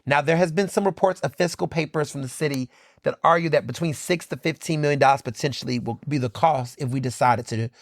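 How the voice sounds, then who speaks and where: A man's voice: fairly high pitch, brisk, no echo. Fired-up male podcast host, dry sound. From Philadelphia. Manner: fired-up, emphatic, repeats phrases, swears, many "like" fillers. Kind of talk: impassioned solo commentary.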